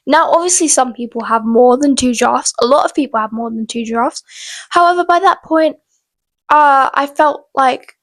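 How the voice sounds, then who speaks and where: A woman's voice: high voice, no room sound, low-quality recording. A young woman chatting casually as a book vlogger, rambling and full of fillers. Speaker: book vlogger and self-published author. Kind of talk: casual chat to camera.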